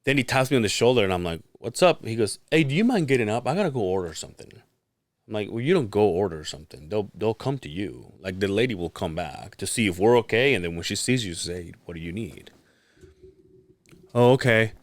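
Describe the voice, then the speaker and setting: Low-voiced man telling a profane story. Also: fast, no echo. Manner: profane, animated storytelling with acted-out quotes. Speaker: podcast co-host. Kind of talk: casual storytelling chat.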